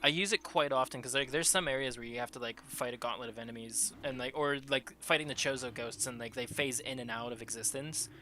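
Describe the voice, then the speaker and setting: A man's voice: medium pitch, quick pace, hardly any pauses, bright, forceful tone, soft background music. A man casually commenting as his friend plays a game, chatty and laughing often. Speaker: guide watching a friend play.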